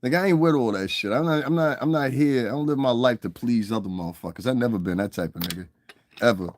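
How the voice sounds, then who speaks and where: Man, casual rant, profane, blunt, frequent chuckles, middle pitch, dry sound. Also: fast talker, no echo. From United States. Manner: blunt, profane, repeats "you understand what I'm saying", chuckles often. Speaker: commentary vlogger.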